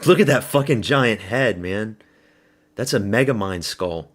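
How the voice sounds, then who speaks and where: A man streams a fight watch party, casually calling the action, answering viewers, and swearing plenty. His lowish voice is expressive and fairly bright, moving a little slowly.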